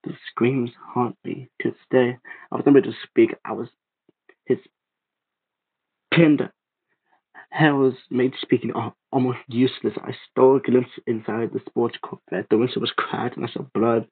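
A man reading a creepypasta aloud, steady but stumbling and restarting now and then. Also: mid-range voice, normal speed, breathy edge. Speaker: narrator. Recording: tinny phone-like sound.

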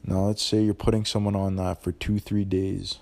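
A man's voice: low voice, moderate pace, vocal fry. A young man hosting a podcast, ranting bluntly in profane street slang. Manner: animated, ranting. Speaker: podcast host. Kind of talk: casual monologue.

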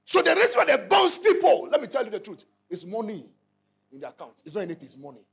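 A man's voice: sits high, huge pitch swings, quick pace, vocal fry. A male pastor with a Ghanaian accent preaching a sermon in an emphatic, repetitive style, often calling out to the congregation and repeating lines. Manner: repetitive, call-and-response, emphatic.

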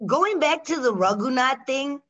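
A young American comedian and actress chats casually on a podcast, animated and swearing, acting out quotes and laughing often. Her voice sits high and moves at a normal speed, though the audio is dull.

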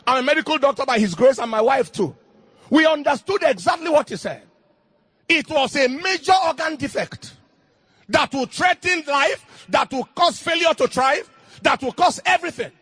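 A middle-aged man preaching a fervent sermon in King James cadence, rising into shouted bursts. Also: very high voice, expressive, normal speed, dry recording.

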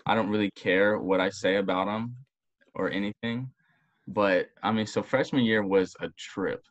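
A young man, a former college football player, telling long rambling stories in casual podcast talk, profane and animated. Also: lowish voice, normal speed, lo-fi sound. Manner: rambling, profane, animated storytelling with voiced quotes.

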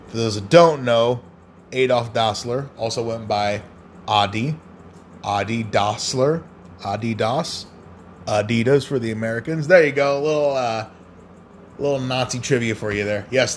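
A man's voice: mid-range voice, a little hiss or hum. A man hosting a casual solo podcast, rambling and swearing freely in a loose, crude way. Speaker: podcast host.

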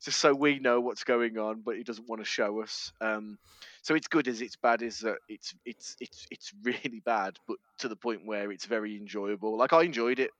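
A man on a casual film review podcast, rambling with halting restarts and laughing as he tells a story. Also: on the low side, a bit bright, dry recording. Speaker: podcast co-host.

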